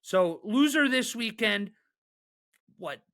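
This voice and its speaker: A man co-hosting a sports podcast, ranting and joking in a casual, excitable way. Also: high-pitched. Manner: excitable, joking, fast rants. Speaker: podcast co-host.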